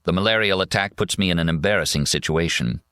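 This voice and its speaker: A man reading a memoir audiobook in a measured, steady first-person narration. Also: sits low, clear, resonant tone, dry recording, clean studio sound. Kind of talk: scripted narration.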